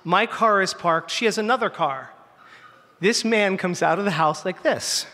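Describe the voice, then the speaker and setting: A man telling a true personal story on stage before a live audience, animated and slowing down for punchlines. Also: sits high. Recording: hall reverb, faint ambience.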